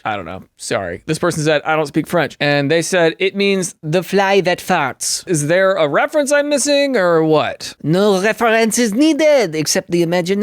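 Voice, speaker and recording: A man doing comedic commentary as a host, reading online posts aloud in a sarcastic, animated way. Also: dry recording, studio quality. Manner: animated, sarcastic, jumps between high and low voices.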